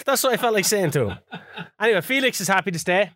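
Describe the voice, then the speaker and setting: A man co-hosting a podcast in casual chat, animated and laughing, swearing freely. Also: high voice, fast talker, no echo, studio quality. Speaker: podcast co-host.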